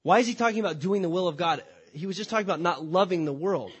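Pastor, male, husky and a bit high-voiced, conversational preacher with rhetorical questions. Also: fast talker. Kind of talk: sermon.

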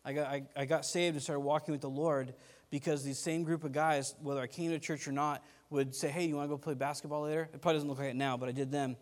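A man with a fairly high voice preaches a loose, conversational sermon, wandering off on tangents and poking fun at himself. His words ring out with a long reverb, as in a church sanctuary. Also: quick pace. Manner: rambling, self-deprecating, gets animated telling stories. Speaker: pastor. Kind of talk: casual sermon.

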